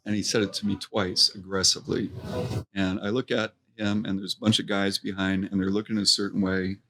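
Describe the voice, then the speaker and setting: Low-voiced man telling lively anecdotes. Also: fairly quick, a crowd in the background. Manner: animated anecdote-telling, acts out quotes. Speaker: restaurant co-owner, guest. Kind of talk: casual storytelling interview.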